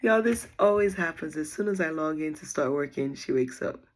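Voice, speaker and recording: A woman's voice: deep voice, animated, normal speed. A young woman, chatting to her viewers as she retells a story with lots of quoted dialogue. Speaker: vlogger.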